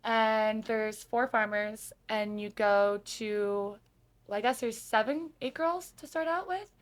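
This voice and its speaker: Chatty, effusive woman from Arizona. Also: a little high. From Sedona, Arizona. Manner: chatty and effusive, quick laughs, lots of "like". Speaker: podcast guest. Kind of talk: casual interview chat.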